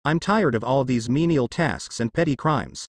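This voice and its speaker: A man's voice: mid-range voice, normal speed, dry recording, studio quality, close to an everyday voice. A man voicing a brash, whiny teenage boy ninja who complains a lot. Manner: complaining, whining.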